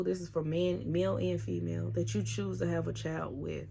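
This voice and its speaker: A woman in her thirties talking openly in a personal vlog, earnest and halting, at times giving direct advice to viewers. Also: lowish voice, steady tone, creaky, mellow, a little hiss or hum. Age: 30s. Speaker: single mom vlogger.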